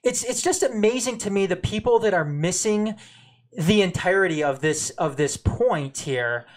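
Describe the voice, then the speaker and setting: A man's voice: high voice, expressive, moderate pace. Guy cohosting a sports talk show, heated and emphatic, keeps repeating himself to drive it home. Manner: emphatic, reads viewer comments aloud; passionate, repeats himself when making a point. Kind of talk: casual debate.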